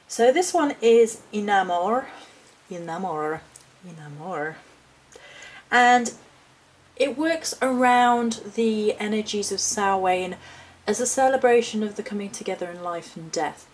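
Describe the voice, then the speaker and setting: A woman vlogging about her handmade nature altars, speaking with passion in a lilting, expressive way. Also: medium pitch. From United Kingdom. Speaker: hedge witch and altar maker. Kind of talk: spiritual vlog talk.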